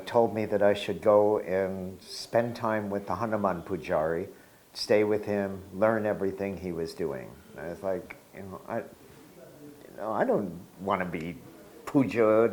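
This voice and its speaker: A man in his sixties telling a personal spiritual story in an unhurried, reflective way, with soft laughs. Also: lowish voice.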